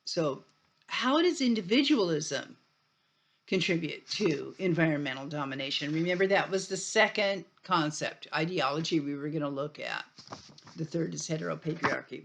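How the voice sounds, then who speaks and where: A woman's voice: low-pitched, expressive, normal speed, creaky. A woman lecturer talks a class through the material in a loose, conversational way. She restarts her sentences, drops in fillers and throws in emphatic asides. A faint hiss sits under the recording.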